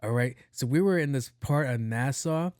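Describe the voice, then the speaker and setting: A man hosting his own podcast, telling a story in a profane, animated way. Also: medium pitch, normal speed, smooth, dry recording, studio quality. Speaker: podcast host. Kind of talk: casual storytelling monologue.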